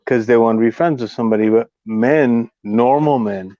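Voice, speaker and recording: A man from California co-hosting a casual livestream chat, blunt and profane, telling animated stories. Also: mid-range voice, moderate pace, no room sound, highs cut off.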